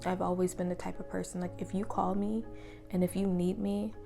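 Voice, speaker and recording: A young woman speaks earnestly into the camera in a personal vlog, her voice carrying a gravelly, fry-laden edge. She is reflective and open, and sometimes sinks to a whisper. Faint music plays behind her. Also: lowish voice, little pitch movement, a little fast, mellow. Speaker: vlogger.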